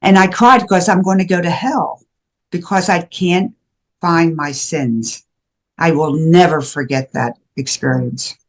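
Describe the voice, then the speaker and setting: A woman's voice: low voice, unhurried. Earnest older woman, emphatic guest. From USA. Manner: emphatic and earnest, with frequent restarts. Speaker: guest, shame and guilt educator. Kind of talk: conversational interview.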